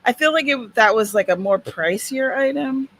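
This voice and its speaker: A woman's voice: on the high side, lively intonation, normal speed, fairly bright tone, rough recording. A woman hosting a casual chat, reading viewer comments and laughing often. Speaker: host.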